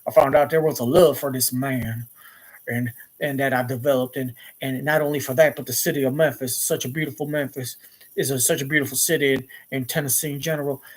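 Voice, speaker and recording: A man putting on a young male movie star who speaks in a slow, deep, mumbled drawl with a mild accent. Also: fairly even intonation, close to an everyday voice. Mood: earnest.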